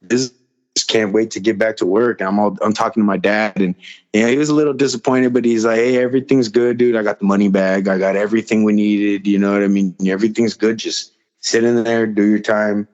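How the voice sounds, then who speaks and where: A man as a podcast guest, telling a personal story in a rambling way, repeating phrases and acting out the dialogue. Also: lowish voice. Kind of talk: casual storytelling. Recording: slightly dull lo-fi audio.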